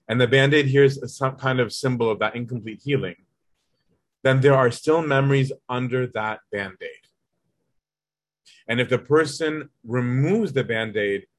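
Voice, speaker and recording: Monk guy explaining an old spiritual book, loose and chatty, keeps saying right?. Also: medium pitch. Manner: conversational, checks in with "right?" often. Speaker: monk teaching on a spiritual text. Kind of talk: casual spoken lesson.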